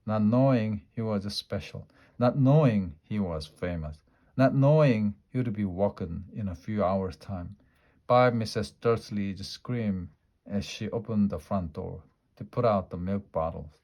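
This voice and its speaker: A man reading a children's book aloud, slow and careful with small slips. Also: fairly low pitch, mellow. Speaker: storybook reader.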